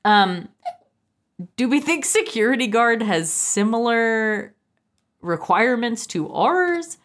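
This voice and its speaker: A woman co-hosting a casual book podcast, animated and joking, with quick asides. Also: a little high. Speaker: podcast co-host. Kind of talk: casual book-club chat.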